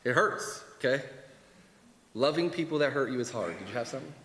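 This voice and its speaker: A man leading a church Bible class in a candid, animated way, acting out quoted voices. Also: medium pitch, brisk. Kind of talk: conversational church teaching. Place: church hall. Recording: echoey church hall, live stream.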